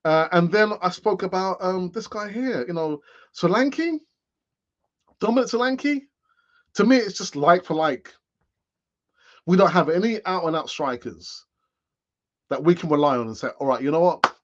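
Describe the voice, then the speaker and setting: Man in his late fifties, football live-stream host, rambling, sighs, slightly high voice, muffled lo-fi audio. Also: lively intonation, a little slow, pauses often. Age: late 50s. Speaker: football fan channel host. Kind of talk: casual live-stream commentary.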